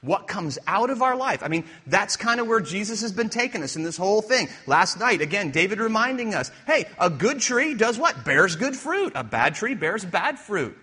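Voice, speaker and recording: A man preaching a sermon, using rhetorical questions and swinging from hushed to emphatic. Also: high-pitched, big pitch swings, normal speed, few pauses, slightly rough. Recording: reverberant hall.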